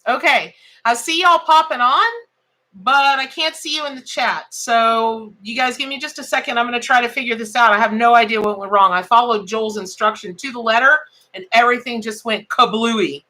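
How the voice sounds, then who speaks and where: A woman's voice: on the high side, fairly even intonation, normal speed, bright, forceful tone. A middle-aged woman, hosting a casual live-stream tarot reading in a chatty, exclamatory, folksy way.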